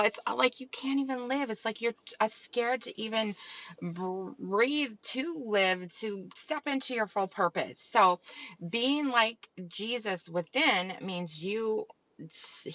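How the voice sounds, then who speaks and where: Bright-voiced woman rambling on spirituality. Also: a little high, no room sound, muffled recording. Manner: rambling, meandering, full of fillers. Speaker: channel host. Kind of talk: casual spiritual monologue.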